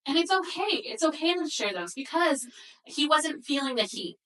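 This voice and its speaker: A woman's voice: high voice, animated, normal speed, bright, forceful tone, recorded from a distance, rough recording. A woman presenting a workshop to a live audience, telling a story and acting out the quoted dialogue. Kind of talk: workshop talk with slides.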